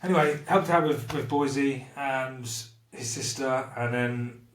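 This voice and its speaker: A man's voice: mid-range voice, measured pace, reverberant, recorded from a distance. A man, talking candidly as an interview guest about his recovery from addiction, blunt and rambling with heavy swearing.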